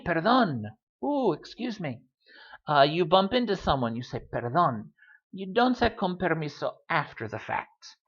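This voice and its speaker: A man's voice: on the high side, fairly bright tone. Chatty man teaching Spanish phrases. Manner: chatty, wry asides, slows down on Spanish phrases. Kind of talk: casual language lesson. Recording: dull lo-fi sound.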